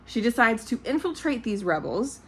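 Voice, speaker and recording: A woman's voice: on the high side, big pitch swings, moderate pace, a little hiss or hum. A young woman chatting casually about books for her vlog, candid and blunt, swearing freely and laughing often. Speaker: book vlogger. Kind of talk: casual chat.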